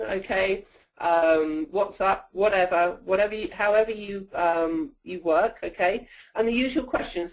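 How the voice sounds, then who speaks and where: A woman's voice: mid-range voice, poor audio. A woman presenting a sales-training webinar in a coaching tone, often checking in with "okay?".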